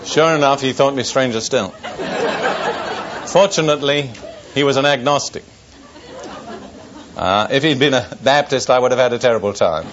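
An older male pastor preaches to a gathered congregation, weaving a personal wartime story with dry wit before turning to solemn warnings. His voice sits at a middle pitch. The recording is dull and lo-fi. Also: moderate pace, pauses often, a crowd in the background. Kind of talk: sermon testimony. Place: church service before an audience.

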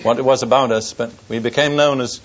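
A man's voice: medium pitch, fairly even intonation, a little fast, a little hiss or hum. An older man, a pastor, preaching to a congregation and telling a personal story with dry humor and earnest warnings. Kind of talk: sermon testimony. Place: church service before an audience. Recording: dull lo-fi recording.

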